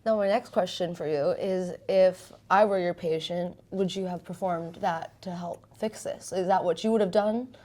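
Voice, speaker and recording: A woman's voice: lowish voice, steady tone, moderate pace, hardly any pauses, warm tone. A woman hosting an interview, asking candid, chatty questions about her own experience. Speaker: host.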